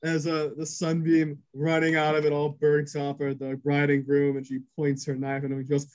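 Fast, cursing game master narrating. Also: male voice, a little high, monotone, a little mellow, rough recording. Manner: rapid, crude narration full of fillers.

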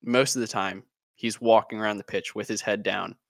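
A man's voice: lowish voice, steady tone, normal speed, creaky, no room sound. A man co-hosting a casual football podcast, talking in a wry, sarcastic and blunt way. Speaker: podcast co-host.

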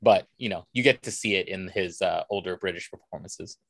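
Animated American man telling stories. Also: low-pitched, brisk, vocal fry, no echo. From United States. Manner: animated, enthusiastic anecdote telling. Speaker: cosplayer guest. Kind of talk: casual conversational storytelling.

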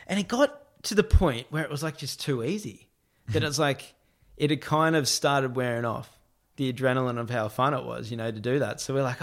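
A man chatting loosely on a podcast with a mid-pitched, everyday voice. He tells a rambling story, laughs as he goes, and jumps up in pitch to act out what others said. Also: moderate pace, hardly any pauses. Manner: animated, quotes others in a raised voice with many "I'm like" asides; laughs often while telling the story. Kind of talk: casual anecdote telling.

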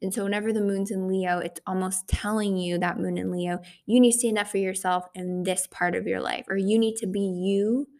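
A woman's voice: mid-range voice, fairly even intonation, brisk, hardly any pauses, a little mellow. A young woman hosting an astrology podcast, talking casually and chattily with lots of fillers. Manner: chatty, full of "like" and "right?" fillers. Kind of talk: casual solo podcast talk.

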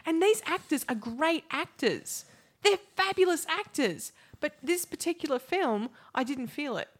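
A woman's voice: high voice, expressive, unhurried. A middle-aged woman co-hosting a casual film chat, frank, laughing often and acting out quoted voices. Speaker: podcast co-host.

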